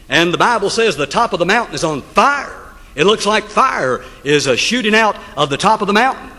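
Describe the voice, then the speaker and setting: Male preacher, lively sermon delivery, rhetorical questions, reverberant hall. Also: high voice. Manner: dramatic storytelling, rhetorical questions to the congregation.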